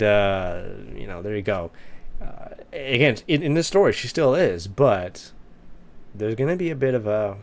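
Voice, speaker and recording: Chatty, self-mocking young man. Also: on the low side. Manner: self-mocking, chatty, many fillers and restarts. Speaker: writing vlogger. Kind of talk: casual commentary reading his old manuscript.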